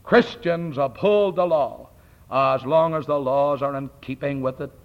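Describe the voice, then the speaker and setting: Thundering Ulster preacher with a gravelly voice. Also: male voice, medium pitch, unhurried. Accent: Ulster Scots. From Northern Ireland. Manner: thundering, rolls his R's. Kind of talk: fiery sermon. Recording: dull lo-fi archive recording.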